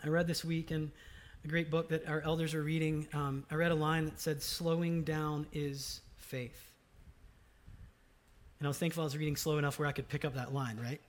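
A man preaching a sermon as pastor, conversational and dynamic, swinging between loud emphatic lines and soft, low ones. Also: flat delivery, fast, hardly any pauses. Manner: conversational with fillers and asides.

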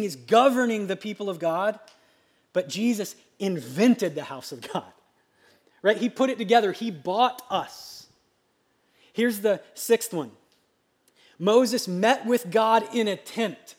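A male pastor preaching a sermon in a conversational, lively way, with sudden loud outbursts. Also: high voice. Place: church sanctuary.

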